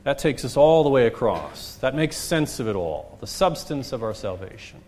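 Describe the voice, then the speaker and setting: A man preaching a sermon as pastor, stressing points by repeating phrases and swinging between loud and soft. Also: medium pitch, big pitch swings, moderate pace, slight background noise. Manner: preaching with wide swings in loudness and pace.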